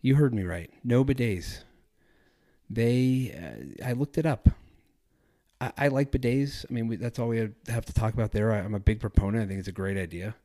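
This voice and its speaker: A man's voice: fairly low pitch, normal speed, mellow. A man hosting a travel podcast, chatting casually in a rambling, self-correcting way. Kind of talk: casual solo podcast talk.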